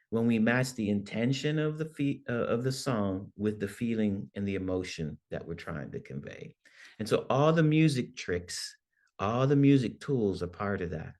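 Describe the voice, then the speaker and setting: A man, a songwriting professor, giving a conversational workshop lecture, often checking in with "right?" and acting out examples in different voices. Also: lowish voice. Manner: animated, demonstrates with acted-out voices.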